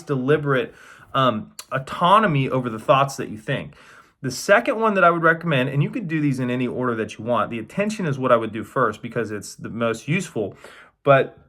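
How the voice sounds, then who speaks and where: Guy with a bright edgy voice lecturing on manifesting, pushy, keeps saying right?, swears a bit. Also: medium pitch. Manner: emphatic, repeats phrases, says "right?" often; swears casually. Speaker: metaphysics coach. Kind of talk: casual lecture to camera.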